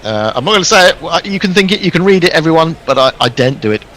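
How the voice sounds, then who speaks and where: A man's voice: on the high side, animated, rapid-fire, fairly bright tone, poor audio. A man co-commentating on cricket in a chatty, self-deprecating way, reading out listener messages.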